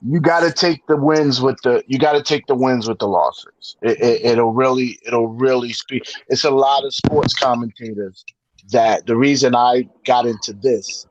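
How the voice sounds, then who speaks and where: A man's voice: medium pitch, moderate pace, muffled recording. A man on a casual sports podcast panel, talking in an earnest, advice-giving way.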